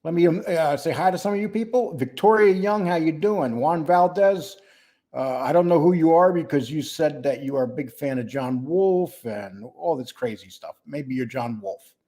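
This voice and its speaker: A man's voice: on the high side, normal speed, warm tone. Blunt older man hosting a livestream. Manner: greets viewers by name, blunt and mocking. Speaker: livestream host. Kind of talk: casual livestream chat.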